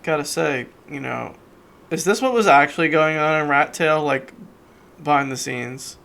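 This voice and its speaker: A man streaming a video game with animated, jokey, sweary commentary. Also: a little high, normal speed, vocal fry. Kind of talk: casual let's-play commentary.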